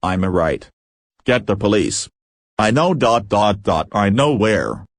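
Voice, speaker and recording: A man's voice: on the low side, animated, unhurried, dry recording, studio quality. A man voicing a wounded male prisoner who poses as a clergyman, injured and breathing heavily, speaking in gasping, broken phrases. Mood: urgent, pained.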